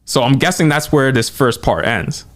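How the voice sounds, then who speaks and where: An excitable man on a podcast, telling a story at a rush with lots of animated, quoted asides. His voice sits at an ordinary middle pitch. He speaks as casual movie chat between friends. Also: normal speed. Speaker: podcast co-host.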